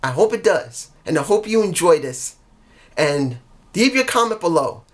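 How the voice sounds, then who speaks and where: A man's voice: high-pitched, sing-song, normal speed. A man vlogging casually as a wrestling fan, rambling earnestly and often correcting himself mid-sentence. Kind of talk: casual solo storytelling vlog.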